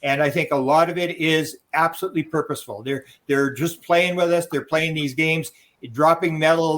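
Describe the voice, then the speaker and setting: A man's voice: fairly high pitch, fairly bright tone. A man giving a rambling interview answer as a guest author, acting out quoted dialogue as he tells stories. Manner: rambling anecdotal telling, acts out quoted dialogue. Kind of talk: interview storytelling.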